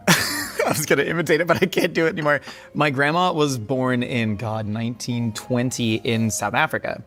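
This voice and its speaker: A man's voice: mid-range voice, fairly even intonation, moderate pace, a bit bright, soft background music. A man hosting a casual chat over afternoon tea, playful and laughing often. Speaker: host.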